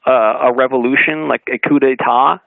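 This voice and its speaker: A man calls in as a guest to tell a story. His gravelly voice comes through a thin, phone-like line with no room sound at all. He keeps it animated, acting out the dialogue and laughing often. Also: mid-range voice, fairly quick, no echo. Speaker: author and interview guest. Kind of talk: anecdotal storytelling on a radio talk show. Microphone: phone call-in. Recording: narrowband phone line, dry.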